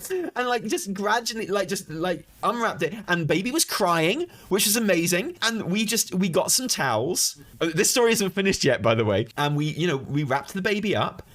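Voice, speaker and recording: A man and channel host telling a wild story in a casual, animated way, swearing and laughing as he goes. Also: high-pitched, normal speed.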